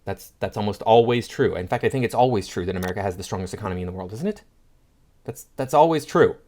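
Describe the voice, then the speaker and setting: A man's voice: on the low side, expressive, fast, warm tone. Sarcastic man riffing on posts. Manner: sarcastic, scoffing. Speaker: political commentary host. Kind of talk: reading and reacting to posts.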